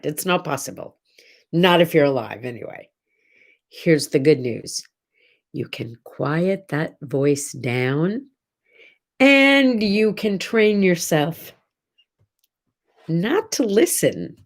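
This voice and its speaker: A woman hosting her morning vlog from a room at home, chatting with viewers in an encouraging way and often asking them questions. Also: low voice. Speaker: host. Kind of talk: casual morning vlog talk.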